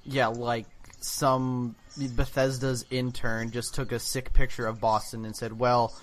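A man's voice: medium pitch, little pitch movement, measured pace. A man from Canada co-hosting a casual podcast chat, joking and sarcastic, swearing freely. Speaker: podcast co-host.

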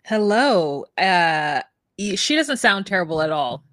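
A woman's voice: lowish voice, big pitch swings, unhurried, fairly bright tone, dry recording. Woman, podcast co-host, playful, rambling, dry close mic. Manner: playful, rambling, sing-song asides. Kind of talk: casual podcast chat.

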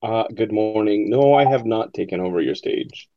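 A man's voice: lowish voice, moderate pace. A man in a casual online chat, telling stories in an easygoing, chatty way. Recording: dull lo-fi mic.

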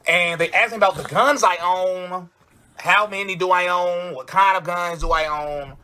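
A man on a livestream, indignantly complaining, pausing to thank donors. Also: sits high, steady tone, sharp tone. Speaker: rapper speaking on a livestream. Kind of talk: aggrieved livestream talk.

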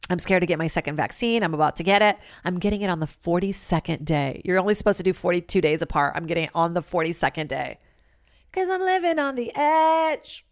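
A woman hosting a comedy podcast alone, rambling and swearing freely and switching into loud acted-out quotes. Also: lowish voice, no echo, clean studio sound. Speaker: podcast host. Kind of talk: casual solo comedy podcast monologue.

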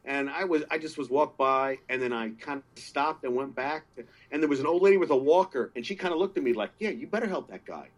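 A man's voice: mid-range voice, fairly quick. A man guest on a podcast, talking earnestly in casual chat, encouraging his friend and often repeating himself.

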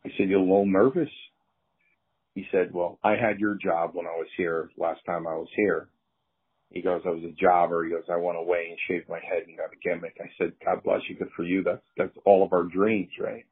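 A man's voice: sits low, fairly quick, husky. An older man, a retired wrestler, telling casual anecdotes and acting out the voices of the people in them. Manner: animated anecdotes, acts out quoted voices. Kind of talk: casual storytelling. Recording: tinny phone-like line.

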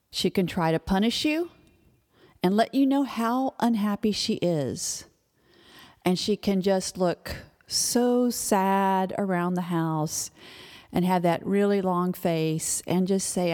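Casting: woman parenting speaker, mid pitch, conversational and emphatic, long hall reverb. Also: measured pace, a little mellow. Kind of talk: instructional talk to parents.

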